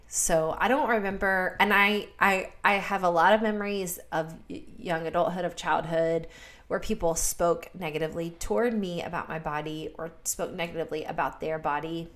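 A woman's voice: sits low, a bit bright. A woman in her thirties speaking earnestly in a faith-based podcast conversation, repeating words for emphasis. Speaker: guest speaker.

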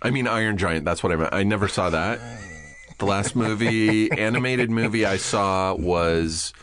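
A man's voice: fairly low pitch, moderate pace, fairly bright tone. A middle-aged man hosting a podcast, rambling in a laid-back way with some swearing. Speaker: podcast host. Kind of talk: casual chat.

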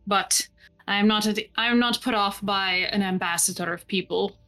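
A woman voicing a calm, dignified older lord who speaks in a measured way. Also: medium pitch, faint music behind.

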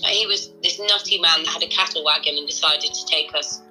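A woman's voice: low voice, fairly quick, pushed and bright, soft background music, low-quality recording. A woman co-hosting a casual podcast, rambling playfully and swearing freely as she chats. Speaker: podcast co-host. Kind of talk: casual chat. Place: Devon, England.

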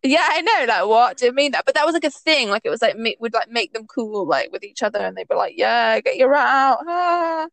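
A young woman from Northeast England chats on a podcast, telling everyday stories with lots of "like" and a slightly high voice. The recording is dry and close, with no room sound. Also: expressive, quick pace, creaky, few pauses, fairly bright tone, no room sound, poor audio. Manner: chatty storytelling, lots of "like". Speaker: podcast co-host. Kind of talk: casual chat.

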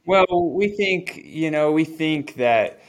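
A man's voice: a little high, lively intonation, slow. A man co-hosting a casual spiritual chat, reflective and asking rhetorical questions. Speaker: podcast co-host.

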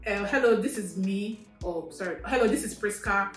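A woman's voice: mid-range voice, normal speed. A woman guest on a podcast in casual chat, telling a story with fillers, acting out quoted messages in an amused tone. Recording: echoey room with faint music.

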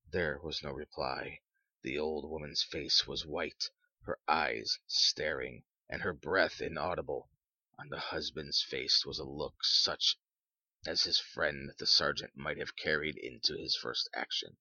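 A man reading a story aloud in measured, even narration, on a dull lo-fi recording. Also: extremely low pitch, no room sound.

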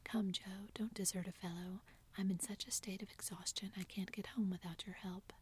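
A woman's voice: mid-range voice, steady tone, normal speed, a little mellow, husky. A woman voicing a playful, teasing tall young man in a whispered role-play, with theatrical banter.

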